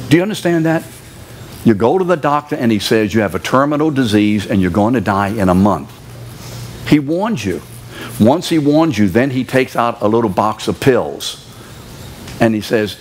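A man preaching a sermon in a church, animated, acting out quoted voices and sometimes shouting. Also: medium pitch, moderate pace, a little hiss or hum. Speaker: pastor. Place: church sanctuary.

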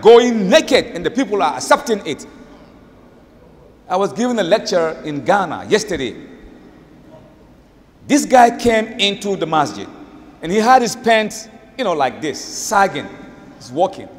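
A male preacher giving an emphatic sermon, repeating key phrases and reciting verses rapidly. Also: sits high, very animated. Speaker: Islamic preacher. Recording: echoey hall.

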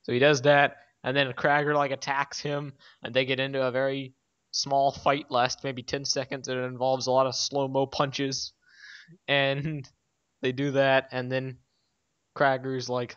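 A man's voice: medium pitch, fairly even intonation, normal speed, fairly bright tone, dry recording. A man recapping a cartoon episode in casual chat, rambling, laughing often and quoting the characters in jokey voices. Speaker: show co-host. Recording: dry, dull lo-fi mic.

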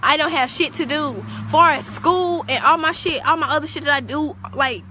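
High, bright-voiced profane teenage girl. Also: normal speed, a little hiss or hum. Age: teens. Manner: profane, animated and defiant. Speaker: livestreamer. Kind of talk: casual storytelling on a livestream.

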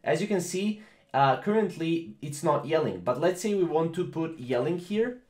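A man with a somewhat high voice walks viewers through a casual tech tutorial, rambling along with many fillers and repeated phrases. His voice rings in an echoey room. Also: lively intonation, moderate pace, a little mellow. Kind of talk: casual screen-recorded tutorial.

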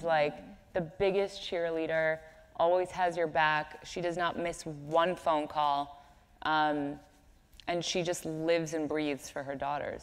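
Woman, stage guest: low voice, easy and sincere, roomy hall echo. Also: clear, resonant tone. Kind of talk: onstage interview answers. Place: stage of a live event in a hall. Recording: echoey hall.

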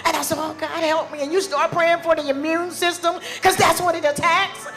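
A woman giving an emotional testimony at a church service, building from quiet telling to shouted thanks. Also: very high-pitched, flat delivery, brisk, music in the background. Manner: emotional storytelling, rising to shouts. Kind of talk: spoken testimony.

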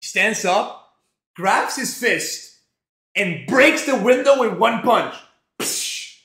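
A male streamer telling a rambling, profane story in a casual, animated way, full of fillers. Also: high voice, slow pace, reverberant.

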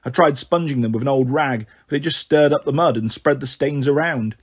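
A man narrating a children's novel in a steady first-person reading. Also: medium pitch, a little fast, slightly rough. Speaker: storyteller.

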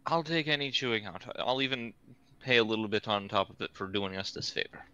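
A man's voice: on the low side, a little fast, pushed and bright, clean tone, lo-fi sound. A man playing a tabletop game who speaks politely and hesitantly as his character, often restarting his sentences. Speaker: player. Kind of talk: casual in-character play.

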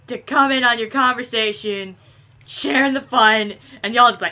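A woman giving silly, animated let's-play commentary, chatting to the game characters as she plays. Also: on the high side, fairly quick. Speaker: gameplay commentator.

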